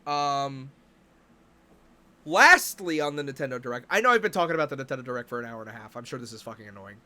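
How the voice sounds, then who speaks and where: A man's voice: medium pitch, lively intonation, quick pace, pushed and bright. A man streaming, ranting about video games in a profane, exasperated way.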